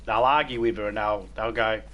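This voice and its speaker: A man's voice: lowish voice, fairly even intonation, brisk, a bit bright, dull audio. An Australian man chatting casually while streaming a game, crude and swearing heavily as he tells stories. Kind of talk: casual chat while gaming.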